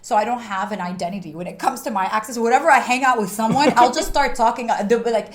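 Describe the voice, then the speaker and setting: Young woman, from Saudi Arabia, podcast co-host, casual chat, animated, laughs often. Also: on the high side, fast. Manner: chatty and animated, laughs often, mimics accents.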